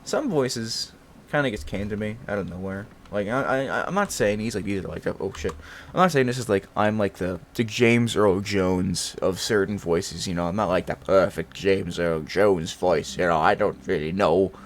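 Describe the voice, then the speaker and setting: Host, twenties, from Brooklyn, New York; low-pitched, rambling casual chat with swearing and self-corrections. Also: male voice, normal speed, slight background noise. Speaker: channel host.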